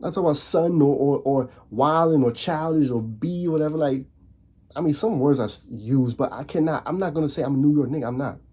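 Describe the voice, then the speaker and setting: Ranting Dutch man with a mellow voice. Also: a little high, a little fast, husky. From Netherlands. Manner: repetitive, restarts often, asks rhetorical questions. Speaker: commentary vlogger. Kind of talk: casual rant.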